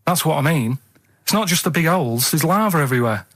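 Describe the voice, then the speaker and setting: A man's voice: on the high side, animated, fast talker, fairly bright tone. A man on a radio show, chatting casually and telling rambling, earnest stories.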